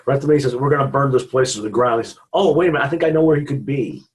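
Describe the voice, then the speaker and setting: A man co-hosting a casual podcast chat, chiming in with relaxed reactions and comments. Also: medium pitch, racing, poor audio. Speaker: podcast co-host.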